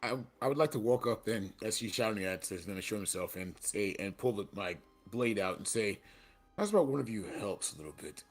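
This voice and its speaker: Low-voiced rambling male player. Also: expressive, fairly quick, faint music behind. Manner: rambling, drops to quiet in-character lines. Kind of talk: casual tabletop role-play.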